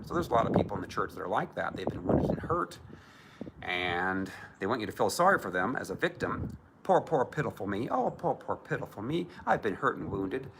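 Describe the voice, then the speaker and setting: A man's voice: lowish voice, creaky, very noisy. A man preaching as a Christian minister, emphatic and often mocking others in put-on voices. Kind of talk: preaching to camera.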